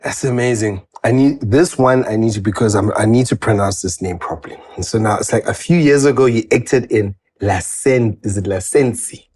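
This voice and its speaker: Husky-voiced male interviewer. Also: on the low side, normal speed, few pauses, a little mellow. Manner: enthusiastic, frequent short affirmations. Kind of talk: interview questions and ad read.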